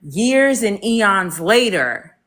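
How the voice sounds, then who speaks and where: A woman's voice: mid-range voice, big pitch swings, extremely slow, fairly bright tone. A woman joining a book discussion over a video call, talking animatedly with many fillers and acted-out quotes. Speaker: discussion participant. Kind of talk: casual literary discussion.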